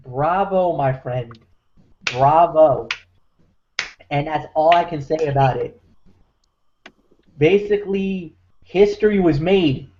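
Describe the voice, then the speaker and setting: A man's voice: fairly high pitch, takes it slowly, long pauses, warm tone, slight background noise. A man hosting a wrestling recap show, talking with emphatic, preacher-like force. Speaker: podcast host. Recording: muffled lo-fi audio.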